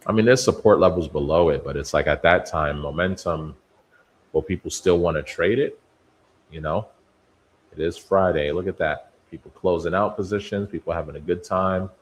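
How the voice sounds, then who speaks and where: A man's voice: low voice, normal speed. A man hosting a live day-trading stream, giving running market commentary and talking to the stocks on his watchlist as if they were people. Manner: talks to stocks like people, musing and bantering.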